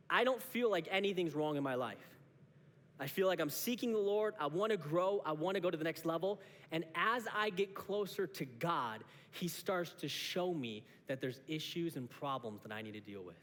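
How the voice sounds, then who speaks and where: A man in his thirties preaching a sermon as pastor, animated, acting out short exchanges with God. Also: sits high. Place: church auditorium. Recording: long reverb of a church hall.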